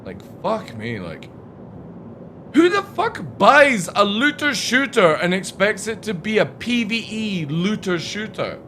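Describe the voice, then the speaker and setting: A young male streamer rants in a bright, edgy voice. His pitch swings widely as he swears. He sounds exasperated and keeps the talk loose. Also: huge pitch swings, a little slow, slight background noise. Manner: profane, exasperated ranting. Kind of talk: ranting gaming stream talk.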